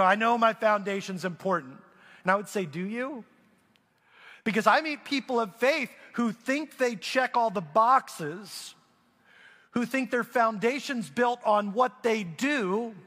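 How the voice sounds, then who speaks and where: A man's voice: high voice, expressive, takes it slowly, pushed and bright. A middle-aged man preaching a storytelling sermon as guest pastor, animatedly acting out the people in his stories. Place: church auditorium. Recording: long church hall reverb.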